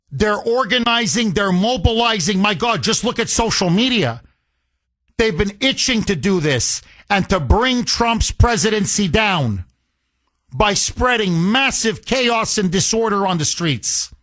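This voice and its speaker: A man's voice: high voice, sharp tone. A man hosting a talk radio show, delivering a fiery, combative monologue that leans on repetition. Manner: impassioned, combative, repetitive rhetoric.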